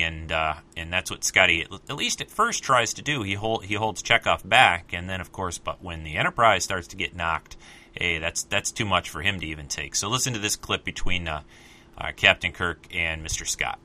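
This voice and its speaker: A very low-voiced man giving casual fan commentary in a bright, forceful tone. He rambles, restarts his sentences and fills pauses with lots of "uh"s. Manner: rambling, many fillers and restarts. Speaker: podcast host.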